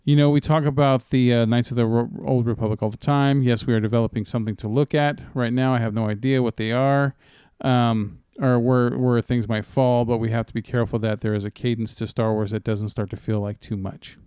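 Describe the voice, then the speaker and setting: Laid-back swearing podcast co-host. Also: male voice, medium pitch, steady tone, fairly quick, few pauses, a little mellow, clean tone, no echo, clean studio sound. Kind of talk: casual chat.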